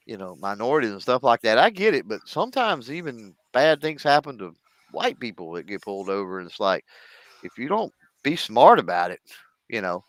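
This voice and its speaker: Animated man telling a story. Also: fairly low pitch, dry recording. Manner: animated storyteller acting out quoted voices. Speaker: show regular telling a story. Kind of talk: casual chat.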